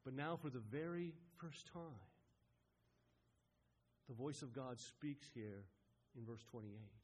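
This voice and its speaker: A man preaching a sermon as a pastor, swelling to loud emphatic peaks and dropping to quiet, slow phrases. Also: mid-range voice, animated, a little hiss or hum. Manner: rising and falling in emphasis, building to loud peaks.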